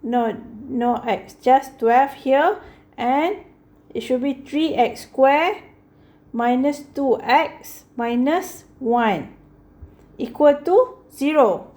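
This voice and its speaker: Slow, patient woman teaching math. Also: high-pitched, darkish tone. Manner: slow and patient, repeats "okay" often; corrects herself mid-sentence. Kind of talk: explaining a math lesson.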